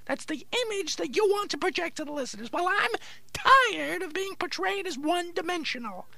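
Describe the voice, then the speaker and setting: A man's voice: lively intonation, brisk, sharp tone, no echo, full character voice. A man voicing a big-mouthed male wooden ventriloquist's dummy in a comedy podcast routine, whiny and theatrical. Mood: indignant. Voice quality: squeaky, gravelly.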